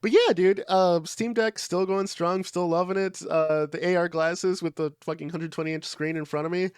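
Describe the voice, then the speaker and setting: A young man with a slightly high, smooth voice, recorded dry on a close mic. He chats casually on a podcast, relaxed and loose, dropping swear words and plenty of fillers. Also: moderate pace, no room sound. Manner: laid-back, swears freely, lots of fillers. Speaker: podcast co-host. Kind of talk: casual chat.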